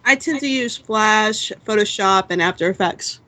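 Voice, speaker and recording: A woman's voice: mid-range voice, normal speed, pushed and bright, no echo. A woman guest in a casual call-in interview, telling stories with frequent laughter. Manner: chatty storytelling, laughs often. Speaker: guest animator. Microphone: remote call.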